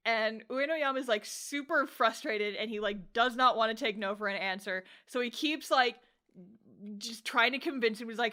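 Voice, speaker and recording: A young woman hosts a casual podcast chat, reviewing anime with a co-host. Her voice sits a little high. She is animated and laughs easily, with some casual swearing. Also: normal speed.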